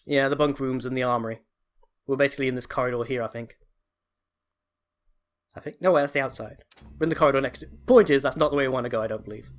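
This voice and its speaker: A man's voice: medium pitch, fast, long pauses. Chatty man commenting on gameplay. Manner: chatty, enthusiastic, self-correcting. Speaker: let's play host.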